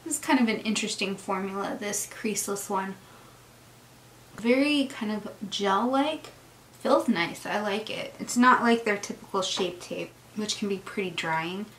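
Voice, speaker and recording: A woman's voice: mid-range voice, a little slow, a bit bright. Chatty woman vlogger in an echoey room. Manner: chatty and gushing, narrating while she applies makeup. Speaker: beauty vlogger. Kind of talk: get-ready-with-me makeup tutorial chat. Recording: echoey room with faint noise.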